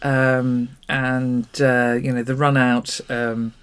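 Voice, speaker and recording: A woman, co-hosting a podcast and chatting in an animated, self-mocking way. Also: rumbling low, slow pace, smooth. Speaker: podcast co-host. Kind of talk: casual chat.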